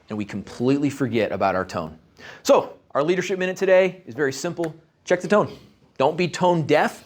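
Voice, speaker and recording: A man giving a short leadership talk to a live networking group, chatty and asking the audience questions. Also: medium pitch. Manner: conversational, asks the audience questions. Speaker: leadership speaker. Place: meeting room with a live audience.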